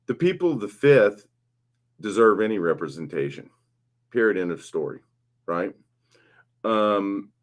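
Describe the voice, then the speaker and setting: A man in his fifties, a political candidate talking casually on a live stream, blunt, passionate and rambling. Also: on the low side. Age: 50s. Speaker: congressional candidate.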